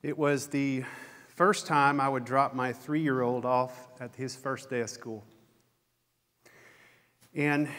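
A man's voice: mid-range voice, a bit bright. A middle-aged man giving a conference keynote, telling a candid, self-deprecating personal story on a concert hall stage. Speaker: conference speaker. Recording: long hall reverb.

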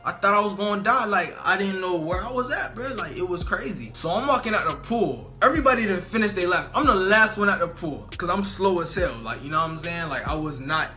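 A man's voice: high voice, lively intonation, fairly quick, hardly any pauses, sharp tone, faint music behind. A young man telling a funny storytime vlog in slangy casual talk, full of "bro" and "you know what I'm saying". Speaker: storytelling vlogger.

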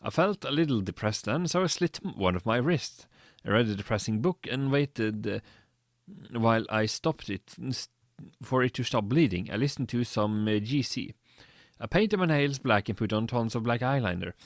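A man doing a comedic reading of fan fiction, deadpan and dry with sarcastic asides. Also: medium pitch, normal speed, no room sound. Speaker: reader.

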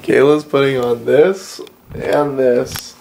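A man's voice: medium pitch, fairly even intonation, slow, vocal fry. A young man speaking shyly and hesitantly as the vlogger's companion. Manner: hesitant, shy, mumbled. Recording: noisy camera audio.

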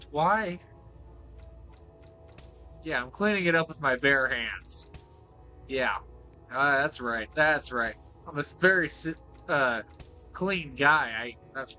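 A man giving excitable, joking playthrough commentary, swearing freely as he plays. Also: mid-range voice. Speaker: gaming video creator.

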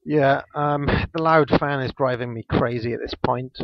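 A man's voice: medium pitch, steady tone, normal speed, no room sound. A man, casually recapping a wrestling match on a podcast, rambling with lots of ums and restarts. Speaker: podcast co-host. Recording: dull, lo-fi dry podcast mic.

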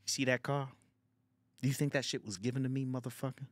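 A man voicing a sly, boastful 75-year-old neighborhood man who gives slow, drawling, preachy advice. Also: mid-range voice, level tone, dry recording, close to an everyday voice.

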